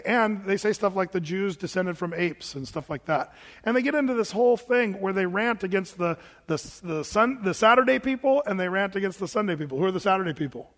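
American man, pastor, chatty sermon with asides, high voice, reverberant church. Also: fairly bright tone. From United States. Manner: conversational preaching with asides and restarts. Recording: long hall reverb.

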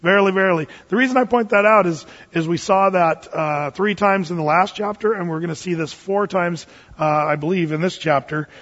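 A man's voice: high-pitched, normal speed, a bit bright. A man teaching the Bible verse by verse as a pastor, in a folksy, emphatic, chatty way. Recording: dull, echoey hall recording.

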